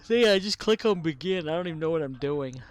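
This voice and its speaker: A man's voice: fairly high pitch, lively intonation, fast talker, smooth. Rambling self-deprecating male streamer. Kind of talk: casual chat while gaming.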